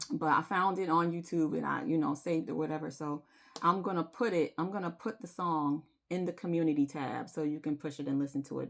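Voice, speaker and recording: In a low-pitched, gravelly voice, she tells her viewers an emotional personal story as if sharing a secret, singing bits of a chorus along the way. She's a spiritual vlogger.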